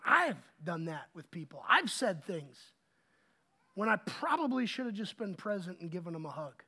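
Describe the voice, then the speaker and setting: Pastor in church, male, high and highly varied pitch, animated delivery that drops to hushed asides. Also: normal speed. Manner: animated, swinging between loud emphasis and hushed asides. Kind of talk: sermon.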